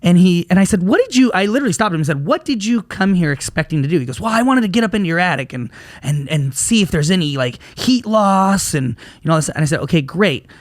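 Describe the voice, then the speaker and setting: A lively man co-hosting a business podcast, his pitch sitting a little high and swinging widely as he tells a story. He acts out both sides of the conversations he recounts. The sound is close and dry, with no room in it. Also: quick pace, no echo. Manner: animated storyteller, acts out quoted exchanges. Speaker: podcast co-host. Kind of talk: casual business podcast chat.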